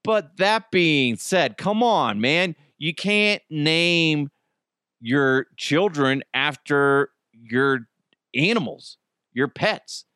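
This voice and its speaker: A man's voice: fairly high pitch, lively intonation, drawn-out words, pushed and bright, clear, resonant tone, dry recording, clean studio sound. A middle-aged man hosting a casual solo podcast, ranting in an exasperated, profane way and telling stories with lots of animation. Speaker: podcast host.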